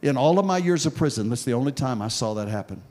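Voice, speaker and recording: A man preaching a sermon and telling a story from his own past, dropping soft and low, then building to loud, forceful preaching. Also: lively intonation, quick pace. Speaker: pastor. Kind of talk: sermon with personal testimony.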